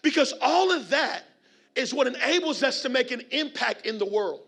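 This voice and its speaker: A man delivering a motivational keynote to a conference crowd, preacher-style, with call and response and shouted refrains. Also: extremely high pitch, animated, moderate pace, vocal fry. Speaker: keynote speaker. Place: large conference hall with audience.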